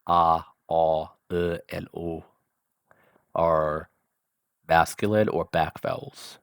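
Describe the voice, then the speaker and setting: A man's voice: deep voice, fairly even intonation, slow pace, vocal fry, clear, resonant tone, no room sound, studio quality. A man teaching a language lesson in a casual, chatty way, enunciating carefully and dropping offhand asides. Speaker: language tutor.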